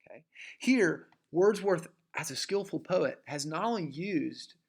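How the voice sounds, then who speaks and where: Lively lecturing man, heavy fillers. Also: a little high, a little slow, creaky, slightly rough. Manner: lively, stresses words for demonstration, frequent fillers and restarts. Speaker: teacher. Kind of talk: recorded classroom lecture.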